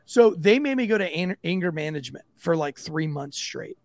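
A man, a former police officer hosting a podcast, telling profane, animated stories and acting out the people he quotes. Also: on the high side, normal speed, no echo. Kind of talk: casual storytelling chat.

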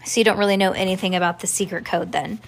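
A woman's voice: medium pitch, fairly even intonation, fast talker, gravelly. A woman reading a storybook aloud, voicing a bossy, skeptical young schoolgirl with a blunt, impatient manner.

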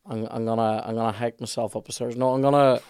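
A man with a Northern Irish accent, co-hosting a casual comedic history chat, rambling and halting. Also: medium pitch, fairly even intonation, a little mellow, clean tone, no room sound, studio quality. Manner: rambling, halting, restarts often. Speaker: podcast co-host.

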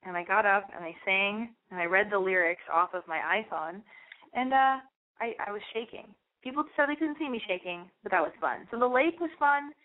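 Chatty woman hosting a lo-fi radio show. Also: fairly low pitch. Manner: chatty, rambling and candid, with lots of "like". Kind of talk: casual monologue. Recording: phone-like lo-fi radio stream.

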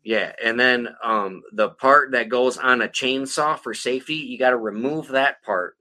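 A man's voice: mid-range voice, normal speed, pushed and bright. A middle-aged man co-hosting a podcast, ranting in a blunt, heated and profane way. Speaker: podcast co-host. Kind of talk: casual profane rant.

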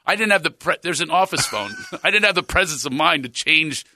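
A man's voice: fairly high pitch, expressive, a little fast, sharp tone, slight background noise. A middle-aged man telling a comic story in casual chat, stammering and laughing as he acts out the people in it. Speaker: comedian telling a story on a talk show. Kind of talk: animated anecdote, casual chat.

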